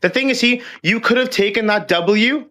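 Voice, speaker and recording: A man's voice: sits high, pushed and bright. A man with a German accent arguing heatedly and cursing in a live stream voice chat. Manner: fast, aggressive, cursing. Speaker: stream guest. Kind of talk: heated argument.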